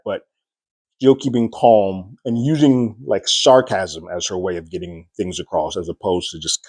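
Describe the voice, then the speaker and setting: Male TV reviewer, lower voice, casual and animated, dry close recording. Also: dry recording. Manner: chatty and animated, laughing at the story. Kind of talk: casual spoken episode review.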